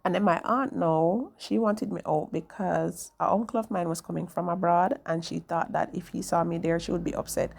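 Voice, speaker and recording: A woman's voice: lowish voice, steady tone, normal speed, gravelly, hardly any pauses. A young woman, telling a personal story in a candid, chatty way to her viewers. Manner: candid, chatty, often tags "right?". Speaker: vlogger.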